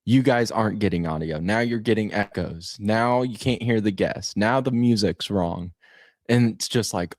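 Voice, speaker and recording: Laughing lower-voiced male radio producer. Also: moderate pace, no room sound, clean studio sound. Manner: animated, laughing storyteller. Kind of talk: casual radio chat.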